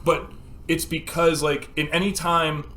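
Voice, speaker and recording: A man co-hosting a casual podcast, telling stories with lots of swearing and acting out scenes with sudden shouts. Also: on the high side, measured pace. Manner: animated storyteller, acts out scenes with sudden shouts; swears freely. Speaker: podcast co-host. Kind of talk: casual chat.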